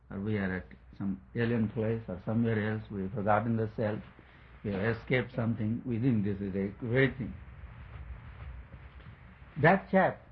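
A man giving a spiritual talk, telling a story in a digressive way and often chuckling. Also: fairly low pitch. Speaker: spiritual speaker. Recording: tinny phone-like line, faint noise.

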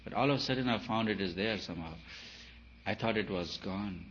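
A low-voiced spiritual teacher gives a talk at a slightly fast clip, emphatic and repeating phrases as his loudness rises and falls. The recording is dull and lo-fi with faint hiss.

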